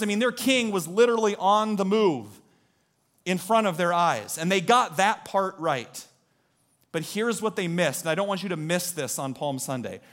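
A man preaching a lively, joking sermon to his congregation in a church, rallying them to join in. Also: high-pitched. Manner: animated, jokey, rallies the congregation. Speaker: pastor. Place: church sanctuary.

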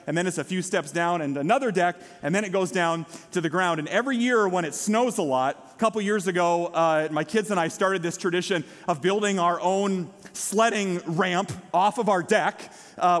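A pastor, preaching a sermon in a church and telling stories in an animated way with quoted voices. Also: male voice, high-pitched. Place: church sanctuary. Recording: long hall reverb.

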